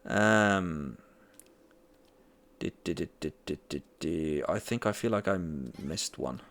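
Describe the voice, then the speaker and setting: A man's voice: low-pitched, animated, slow pace, fairly bright tone. Hesitant Norwegian man, British English accent. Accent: British English, learned. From Norway. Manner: hesitant, many fillers and restarts. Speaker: streamer, teacher. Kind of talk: casual chat while gaming.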